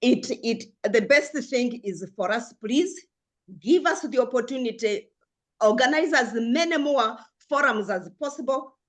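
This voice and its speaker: A woman's voice: on the high side, lively intonation, unhurried. Passionate older woman panelist. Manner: passionate, earnest, with many restarts. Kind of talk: panel discussion remarks.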